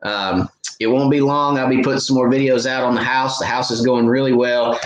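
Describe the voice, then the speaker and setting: A middle-aged fishing channel host runs a live-stream Q&A in an echoey room with faint background noise and crowd noise. His medium-pitched voice is brisk with fairly even intonation, and his laid-back chat is full of "uh" fillers.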